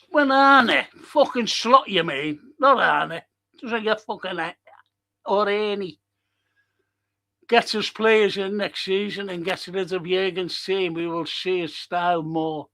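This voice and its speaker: A man with a Liverpool accent, streaming live as he watches a football match, reading out viewer comments and swearing at the players in bursts of excitement. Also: sits high, takes it slowly.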